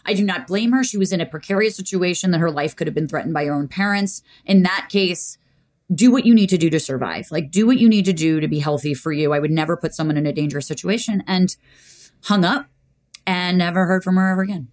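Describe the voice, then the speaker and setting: A woman's voice: fairly low pitch, fast. A young woman on a podcast, telling a personal story in casual chat and acting out the quotes. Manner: animated, acts out quotes. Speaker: podcast guest.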